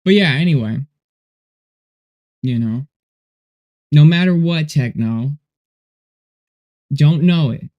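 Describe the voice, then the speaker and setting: A man's voice: a little high, slow, pauses often, highs cut off. A man hosting a casual livestream while coding, rambling and laid-back, often saying "dude" and "you know". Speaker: livestream host.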